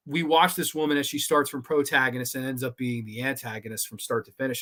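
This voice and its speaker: A man's voice: fairly high pitch, bright, forceful tone. A man hosting a live horror movie show, talking casually and enthusiastically with loose rambling phrasing and frequent swearing.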